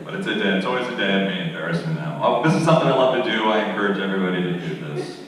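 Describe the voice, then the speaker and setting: A man's voice: on the low side, animated, rapid-fire. A man in his fifties telling laid-back, self-deprecating stories as a convention panel guest. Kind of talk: relaxed anecdotal storytelling. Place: large convention hall. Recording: distant, echoey hall with ambient noise.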